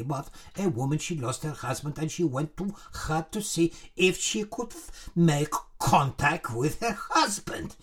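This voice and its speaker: Middle-aged man, husky and bright, lively pitch, digressive storyteller who chuckles as he goes. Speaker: shopkeeper telling a joke. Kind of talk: rambling joke-telling.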